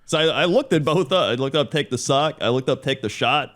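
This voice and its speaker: A man's voice: medium pitch, a little fast, fairly bright tone. A man co-hosting a podcast in casual chat, telling a rambling story and chuckling often. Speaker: podcast co-host.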